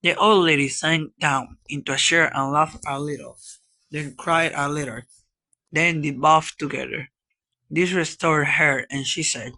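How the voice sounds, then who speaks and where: A man narrating a classic children's storybook in a slow, measured reading. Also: on the high side, steady tone, sharp tone. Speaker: audiobook reader.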